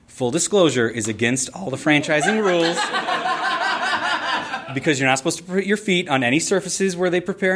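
A man telling a personal story on stage, animated and playful with a theatrical flair. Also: on the high side, slight background noise. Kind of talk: live storytelling.

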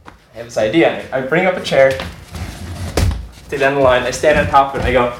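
A man's voice: medium pitch, brisk, reverberant, noisy background. A young man animatedly telling a personal story on a live storytelling stage.

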